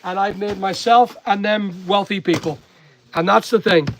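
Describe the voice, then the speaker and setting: A man's voice: high-pitched, normal speed, slight background noise. A man from Northern Ireland with a half English, half Northern Irish accent, chatting casually and motivationally while packing orders. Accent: mixed English and Northern Irish. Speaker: online seller and vlogger.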